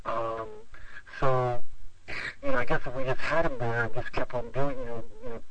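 A man's voice: mid-range voice, steady tone, normal speed, fairly bright tone, low-quality recording. A man who is a pastor, telling a long story in an interview, rambling with lots of "you know" fillers. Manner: rambling, full of 'you know' fillers.

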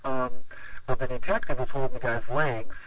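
A man's voice: medium pitch, steady tone, moderate pace, a bit bright, dry recording, low-quality recording. A man who is a pastor, telling a long story in an interview, rambling with lots of "you know" fillers. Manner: rambling, full of 'you know' fillers.

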